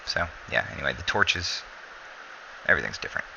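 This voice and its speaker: Sleepy male gameplay commentator, low and gravelly, meandering and self-correcting. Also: a little fast, a little hiss or hum, low-quality recording. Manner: rambling, self-correcting, relaxed. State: sleepy, yawning.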